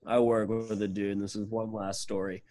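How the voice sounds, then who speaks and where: A man's voice: on the low side, flat delivery, fairly quick, warm tone, no echo. A young man co-hosting a podcast, in casual chat, telling stories full of "like" fillers. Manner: storytelling, filler-heavy with frequent "like". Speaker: podcast co-host.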